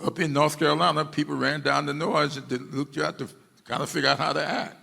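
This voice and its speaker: A man's voice: fairly high pitch, steady tone, quick pace, gravelly, pushed and bright, slightly rough. A man giving an emphatic public speech to an audience, repeating key phrases for stress. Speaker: speaker addressing an audience. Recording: long reverb of a hall.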